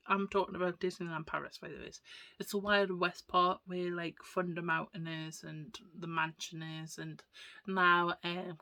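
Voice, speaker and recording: Chatty woman telling stories. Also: mid-range voice. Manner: chatty, rambling, drops into soft whispered asides. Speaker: vlogger. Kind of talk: casual storytelling chat.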